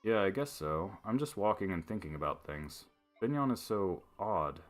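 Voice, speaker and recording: A plain-spoken young commander, read by a man, a little lower than his usual voice and flat in delivery. Game music hums faintly behind. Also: normal speed.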